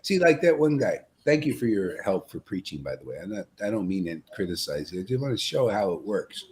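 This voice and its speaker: A man leading an informal spiritual discussion on a live stream, preaching emphatically, tacking "man" onto his lines and swinging between mocking and excited. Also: lowish voice, a little fast.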